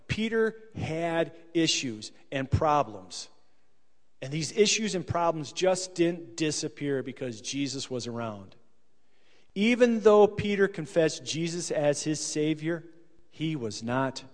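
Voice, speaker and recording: A male preacher delivers a casual, storytelling sermon with a conversational, jokey manner. His voice sits a bit high. He is recorded in a church hall with a long reverb tail. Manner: conversational, jokey, acts out scenes.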